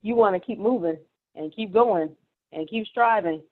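A woman's voice: medium pitch, moderate pace. A woman on a group call giving motivational advice in a casual, emphatic coaching tone. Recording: tinny phone-line audio.

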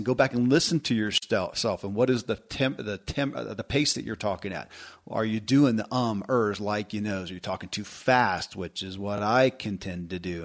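A middle-aged man hosting a podcast, talking in a rambling, self-deprecating way with many restarts. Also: medium pitch. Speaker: podcast host. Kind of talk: casual podcast conversation.

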